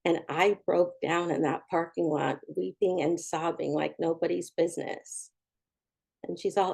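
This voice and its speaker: A middle-aged woman speaks in a somewhat low voice, telling her recovery story with frank humor. She talks straight to her listeners and acts out the people she quotes. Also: fairly even intonation, moderate pace, vocal fry, darkish tone, slightly rough. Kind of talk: personal recovery testimony.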